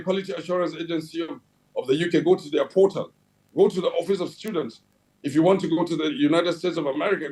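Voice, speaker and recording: A Nigerian man with a voice pitched a bit above the usual for men talks as a guest in a TV interview. He keeps to a formal, official tone, and his sentences often pause on fillers and restart. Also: a little mellow, low-quality recording. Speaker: head of a regulatory agency, guest. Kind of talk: television interview.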